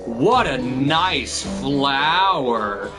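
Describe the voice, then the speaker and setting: A man voicing a quick, cheeky bearded sailor who talks in a chirpy, slightly sly way. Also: mid-range voice, lively intonation, lightly acted. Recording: music playing underneath.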